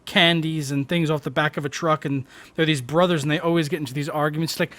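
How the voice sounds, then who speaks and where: A Northern Irish man with a fairly high voice, chatting on a tech podcast. He reads out viewer requests in a relaxed, chatty way. The sound is dry and close to the mic. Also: fast, no room sound. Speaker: podcast co-host. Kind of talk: casual tech chat.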